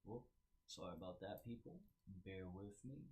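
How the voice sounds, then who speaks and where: A man's voice: sits low, expressive, moderate pace, a little mellow. A man hosting a podcast, talking in casual solo commentary with many ums and repeated words. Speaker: podcast host.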